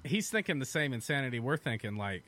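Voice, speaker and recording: A man's voice: medium pitch, big pitch swings, fast talker, fairly bright tone, faint music behind. A man with a Southern US accent, a podcast guest who jokes crudely and provocatively in casual chat. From southern United States.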